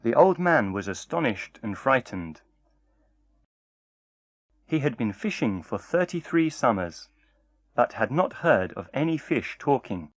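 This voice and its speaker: A man narrating a fairy tale in a measured, expressive reading style. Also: medium pitch, dry recording. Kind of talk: storybook narration.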